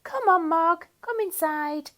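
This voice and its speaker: A cheerful, kind little boy from a picture book, voiced by a woman reading aloud, with a bright, eager manner. His lines bounce up high, with lots of lilt, and come unhurried and warm. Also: very animated, heavily acted.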